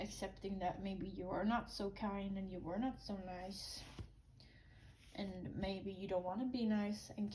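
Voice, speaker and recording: A woman talks through an oracle card reading in a loose, rambling way, at a mid pitch. She is blunt and casual, and drops the odd swear word. A faint hum of room ambience sits under her voice. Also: a little mellow, low-quality recording.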